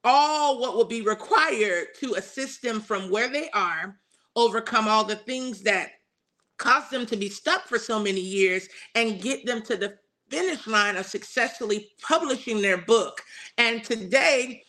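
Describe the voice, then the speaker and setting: A woman speaking as an interview guest about her business, earnest and faith-filled, easily excited. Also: fairly high pitch, measured pace. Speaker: guest, publishing CEO. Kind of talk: interview answers.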